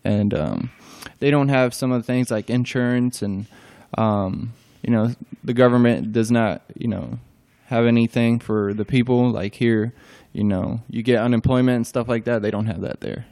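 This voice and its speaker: A young man from Albania, a guest in a casual interview chat, giving brief, low-key deadpan answers. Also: moderate pace, hardly any pauses, dry recording.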